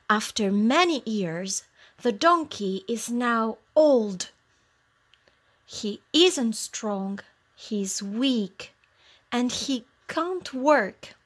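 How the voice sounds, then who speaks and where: A woman teacher narrating a simple storybook for young English learners in clear, short phrases. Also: on the high side.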